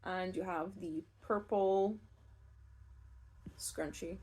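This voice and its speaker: A woman's voice: fairly low pitch, fairly even intonation, drawn-out words. Chatty woman giving a tarot reading. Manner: chatty and rambling, with soft laughs and fillers. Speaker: tarot reader. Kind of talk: casual pick-a-card tarot reading.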